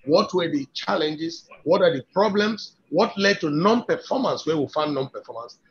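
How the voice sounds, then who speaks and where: A man's voice: on the high side, animated, normal speed. Emphatic Nigerian man on a lo-fi webinar. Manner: emphatic, persuasive, repeats words while building points. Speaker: industry guest speaker. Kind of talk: webinar talk. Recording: dull lo-fi webinar audio.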